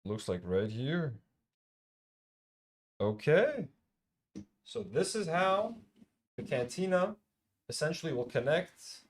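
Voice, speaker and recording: A man with a high voice and lively, swooping pitch talks through a live stream. His chat is casual and unpolished, and he swears freely as he thinks aloud. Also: slow, long pauses.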